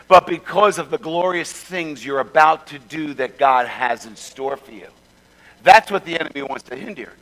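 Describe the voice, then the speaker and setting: A man's voice: fairly high pitch, lively intonation, normal speed, fairly bright tone, in a large hall, low-quality recording. A man preaching a sermon, emphatic, with frequent call-and-response asides to the congregation. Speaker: pastor.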